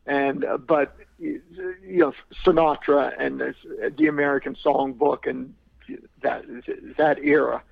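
Gravelly man on a tinny line. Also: mid-range voice, steady tone, measured pace, no room sound. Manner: rambling, many restarts and repeated words. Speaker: podcast guest. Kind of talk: anecdotal storytelling. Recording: tinny phone-like line, dry.

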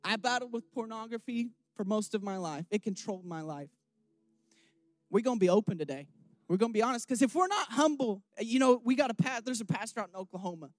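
A young man preaching a candid sermon, rambling with restarts and questions to his listeners, swinging from hushed emotion to loud rousing calls. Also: sits high, expressive, brisk, dry recording, faint music behind.

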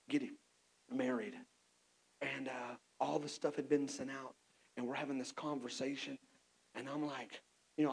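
A man from Texas, telling his own story in an animated, self-mocking sermon with lots of restarts. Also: medium pitch, creaky, breathy edge. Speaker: preacher.

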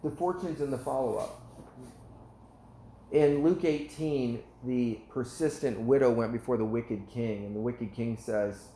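A man preaching a sermon as animated storytelling, his voice climbing high whenever he gets excited. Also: unhurried, a little hiss or hum. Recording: echoey room.

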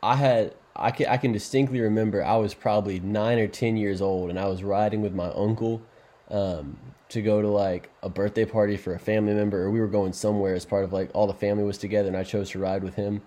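A man, co-host of a faith podcast, telling a personal anecdote in animated casual chat. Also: on the low side, quick pace.

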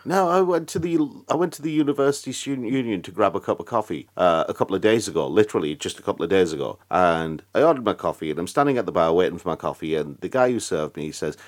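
A man's voice: low voice, fast, hardly any pauses. A man with a Northern English accent, co-hosting a casual podcast and telling stories with frequent laughter. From north of England. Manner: animated storyteller, laughs often. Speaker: podcast co-host. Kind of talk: casual chat.

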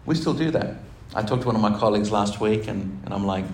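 This pastor talks fast in a lowish, creaky voice, keeping his sermon chatty and full of jokes and laughter. The church hall recording sounds roomy, with a faint noise floor.

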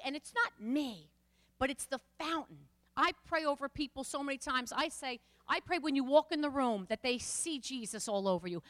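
A woman's voice: sits high, a bit bright, big-room sound. A woman pastor preaching a passionate sermon, speaking straight to her listeners with rising and falling emphasis.

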